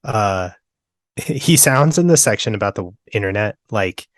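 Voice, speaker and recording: A man's voice: fairly low pitch, expressive, unhurried, dry recording, studio quality. A man co-hosting a casual book discussion podcast, easygoing, laughing often and backing up his co-host.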